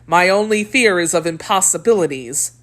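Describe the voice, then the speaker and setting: A woman voicing a young male swordsman in an audiobook, earnest and flattering. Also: lowish voice, moderate pace, natural voice. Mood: ardent.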